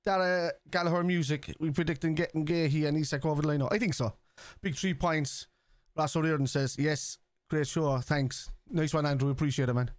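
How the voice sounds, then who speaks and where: A man's voice: fairly high pitch, no room sound, clean studio sound. A man with a Scouse accent, hosting a football watchalong live stream, reading viewers' chat aloud and answering it in a casual, chatty way.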